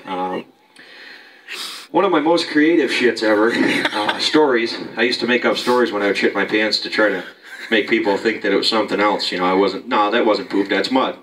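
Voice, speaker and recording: A man's voice: lowish voice, fairly quick. A man doing an improvised amateur stand-up routine at home, rambling and chuckling at his own jokes. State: out of breath near the end. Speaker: amateur comedian. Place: home basement. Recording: distant mic, noisy basement.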